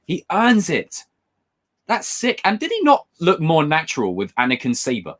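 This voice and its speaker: Excitable man chatting on a livestream. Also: a little high, a little fast. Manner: excitable, reads chat aloud, swears. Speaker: livestream host. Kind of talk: casual livestream chat.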